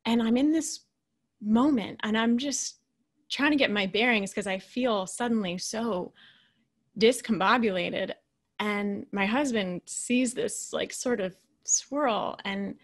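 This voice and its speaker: A woman in her thirties or forties giving a motivational talk as a keynote speaker, telling a personal story in a conversational, animated way with quiet, hushed asides. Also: a little high, slow. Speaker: keynote speaker and leadership coach.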